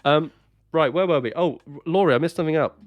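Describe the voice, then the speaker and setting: A man's voice: fairly high pitch, fast, dry recording. A man co-hosting a casual podcast, chatty and laughing often, swearing casually into a desk microphone over a voice call. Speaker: podcast co-host. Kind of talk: casual chat.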